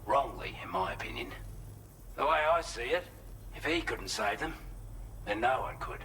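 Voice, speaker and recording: A man's voice: medium pitch, animated, moderate pace, bright, forceful tone, a little hiss or hum, low-quality recording. An actor playing a blunt, salty Australian man who briefs the player on allies over the radio. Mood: reflective. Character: gruff Australian male radio contact, blunt and matter-of-fact.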